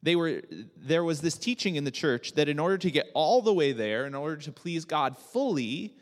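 Joking pastor in a reverberant hall. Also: male voice, a little high, moderate pace. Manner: relaxed, joking, with many fillers and restarts. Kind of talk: sermon.

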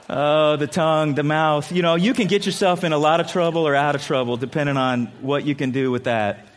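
Middle-aged male pastor, fairly high voice, lively storyteller who acts out the people in his stories. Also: brisk. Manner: storytelling with playful voices and sudden loud jumps. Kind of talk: sermon. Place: church.

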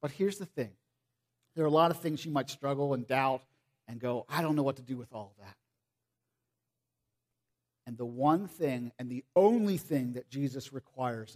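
A man preaching a sermon, animated, acting out quoted voices and dropping to soft pleading. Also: medium pitch, moderate pace, long pauses. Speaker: pastor.

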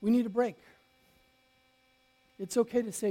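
A man preaching a sermon as a pastor, telling a personal story with lively swings from loud to quiet and frequent restarts. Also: extremely high pitch, a little slow.

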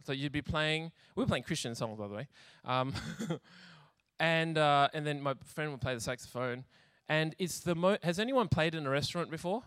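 Bright, chatty man preaching with humor. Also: fairly high pitch, expressive, normal speed, clean tone, dry recording, clean studio sound. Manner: chatty, laughs often, acts out scenes. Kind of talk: humorous sermon storytelling.

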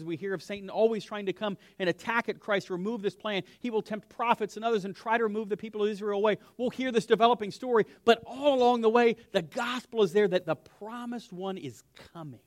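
Lively high-voiced pastor teaching. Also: male voice, brisk, few pauses, no room sound, studio quality. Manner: lively, asks the room questions, drops to a whisper for emphasis. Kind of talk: conversational Bible lesson.

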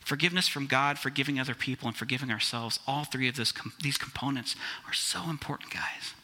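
Bright-voiced male pastor preaching. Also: medium pitch, a little fast. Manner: conversational, addresses listeners as guys. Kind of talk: sermon.

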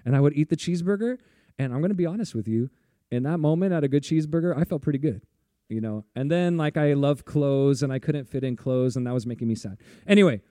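Guy preaching a sermon, laid back and chatty, kinda high mellow voice, dry close sound. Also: fast talker, no echo. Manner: casual, chatty preaching with frequent laughs and "like". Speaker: pastor.

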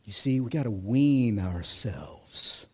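A male pastor in his thirties preaching a sermon in an animated, conversational way, moving between hushed and loud. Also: lowish voice, takes it slowly, noisy background.

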